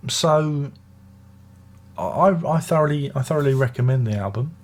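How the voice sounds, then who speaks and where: An older British music reviewer talks about an album in an animated, darkish mid-range voice at a moderate pace. He drifts along casually, often restarting his sentences and adding chatty asides.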